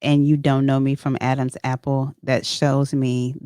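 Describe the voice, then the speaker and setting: A woman's voice: a bass voice, flat delivery, a little slow, warm tone, clear, resonant tone, no room sound, studio quality. Earnest, effusively grateful woman guest. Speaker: author and interview guest. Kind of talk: casual interview chat. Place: studio.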